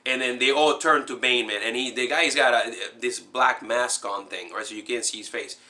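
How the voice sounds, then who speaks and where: Rambling, bright-voiced guy recapping a movie. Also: medium pitch, moderate pace. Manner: rambling, full of fillers and restarts, excited. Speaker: movie fan recapping a film. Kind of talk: casual spoken movie recap.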